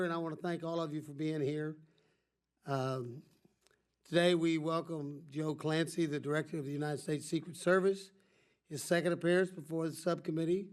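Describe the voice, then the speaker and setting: A man with a slightly high, somewhat mellow voice, allergies making him sound congested. He is older and serves as subcommittee chairman, opening a formal hearing with remarks full of rambling asides where he keeps correcting himself.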